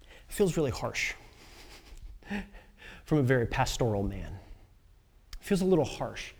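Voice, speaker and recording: A man preaching a sermon, swinging between loud emphatic lines and hushed, near-whispered passages. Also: mid-range voice, sing-song, unhurried, breathy edge, in a large hall. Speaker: pastor.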